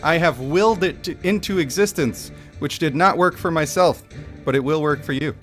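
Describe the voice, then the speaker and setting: A man streaming live, reading a game story aloud in a playful, self-mocking way. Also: on the high side.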